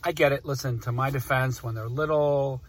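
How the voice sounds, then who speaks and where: A man's voice: medium pitch, steady tone, moderate pace, breathy edge. A man in his forties rambling through personal stories in casual talk, emotional and often cutting himself off. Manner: rambling, emotional, self-interrupting.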